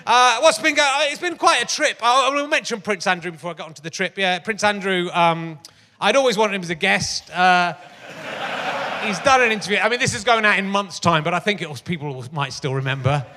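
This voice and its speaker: A man with a high, bright voice hosts a live comedy talk show, rambling and poking fun at himself with frequent fillers and restarts. His voice rings out with a long reverb from a large theatre. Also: brisk, a little hiss or hum. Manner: rambling, self-mocking, lots of fillers and restarts. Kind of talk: stand-up style chat on stage. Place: large theatre stage before a live audience.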